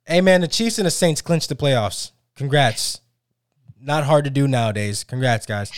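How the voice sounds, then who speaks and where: A man's voice: medium pitch, normal speed, clear, resonant tone, no echo, clean studio sound. Ranting man talking football. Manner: animated, ranting, many restarts. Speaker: sports podcast co-host. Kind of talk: casual sports banter.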